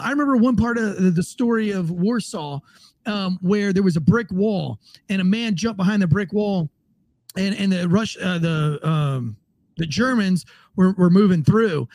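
A man with a high, husky voice that leaps all over the place as he rambles through profane, excitable stories on a political chat podcast. The sound is dry and close, with no room around it. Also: dry recording. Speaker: podcast host.

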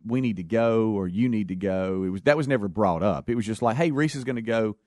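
Male co-host, folksy, animated yarn-spinner, close dry mic. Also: on the low side, fairly quick, no room sound. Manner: folksy, animated storyteller acting out quotes. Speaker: radio show co-host. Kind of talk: casual storytelling chat.

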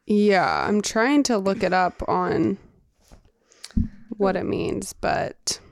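A young adult woman co-hosting a podcast in casual chat, animated and chatty, sprinkling in lots of "like.". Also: mid-range voice, slow, no echo, studio quality. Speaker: podcast co-host.

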